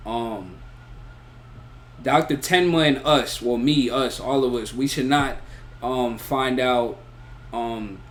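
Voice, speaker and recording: A man's voice: mid-range voice, slight background noise. A man giving a casual, rambling spoken review of an anime, full of slang and repeated "you feel me" and "bro". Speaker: anime reaction YouTuber.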